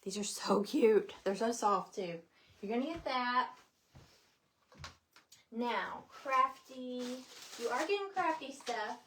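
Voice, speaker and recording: A woman's voice: fairly high pitch, lively intonation, takes it slowly, long pauses, a bit bright, breathy edge. A middle-aged woman, hosting a casual craft live stream, chatty and bubbly, greeting viewers by name.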